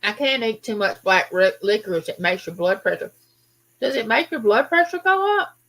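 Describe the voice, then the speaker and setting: A woman's voice: mid-range voice, moderate pace. A woman hosting a casual live chat, chatting with viewers and reading out their comments. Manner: chatty, animated, talks straight to viewers. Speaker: livestream host.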